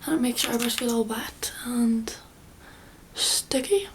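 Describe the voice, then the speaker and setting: A woman's voice: a little high, measured pace, slight background noise. A young woman giving a casual makeup tutorial, chatty and rambling, often dropping into a half-whisper. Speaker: beauty vlogger.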